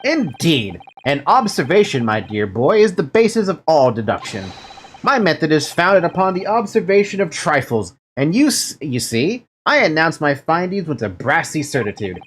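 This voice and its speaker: A streamer voicing a grandiose, boastful male detective while reading game dialogue aloud on stream, with pompous, booming declarations. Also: sing-song, normal speed, husky.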